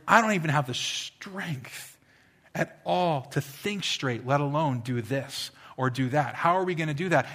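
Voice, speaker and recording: A man's voice: mid-range voice, a bit bright. A male pastor preaching a sermon, asking the congregation rhetorical questions and swelling into impassioned emphasis.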